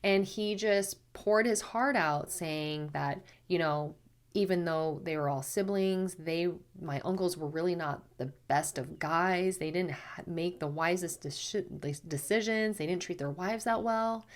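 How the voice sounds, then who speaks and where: A woman, a spiritual teacher, casually telling a personal story to camera in a chatty way, full of "like" and lively quotes of herself. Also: low voice. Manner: chatty, lots of "like", animated self-quotes.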